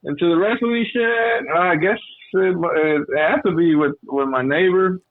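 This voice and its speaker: A man guest on a casual podcast, talking in a relaxed, laid-back way with plenty of fillers. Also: high-pitched, unhurried, phone-quality sound. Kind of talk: casual chat.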